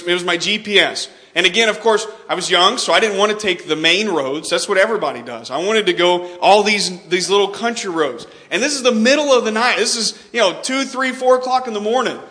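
A man's voice: high voice, sharp tone. A young man from Texas preaching a sermon, telling a story with frequent restarts and repeated words.

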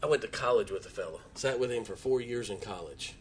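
A man's voice: on the low side, lively intonation, fast talker, slight background noise. A middle-aged man, preaching a sermon in church in a folksy storytelling manner. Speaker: pastor.

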